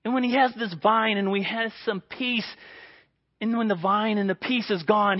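A man preaching a sermon in an earnest way, dropping to a hushed voice for quoted prayers. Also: sits high, fairly even intonation, normal speed, lo-fi sound.

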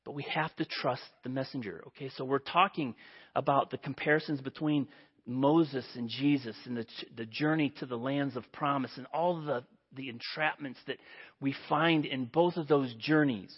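A man preaching a sermon to a congregation, telling a story with animated delivery and acting out the quoted voices. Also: a little high. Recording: dull lo-fi.

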